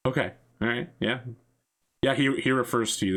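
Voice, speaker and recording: A young man runs a tabletop game as game master, rambling along in a casual, filler-heavy way. His pitch sits in an ordinary middle range, and he laughs often between descriptions. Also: moderate pace, a bit bright.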